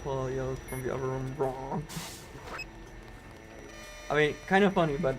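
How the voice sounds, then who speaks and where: Talking quickly in a mid-range voice, a German-accented speedrunner rambles to viewers during a game livestream, leaning heavily on "like." Game music can be heard behind him.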